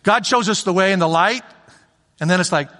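A man's voice: high-pitched, brisk, sharp tone. A man preaching a sermon as pastor, in a conversational way that repeats phrases for emphasis. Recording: long reverb of a large hall.

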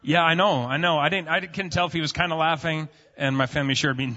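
A man's voice: on the high side, quick pace, pushed and bright. A pastor in his thirties giving a sermon in a church sanctuary, telling family stories in a casual, rambling way full of fillers. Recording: muffled sound with long hall reverb.

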